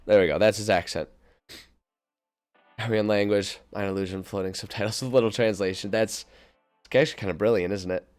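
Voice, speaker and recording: A low-voiced man in casual livestream chat, rambling and doubling back on himself as he talks. Faint music plays behind him. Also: steady tone, brisk, long pauses, a little mellow, smooth. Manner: rambling, self-interrupting, laughs often. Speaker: streamer and game master.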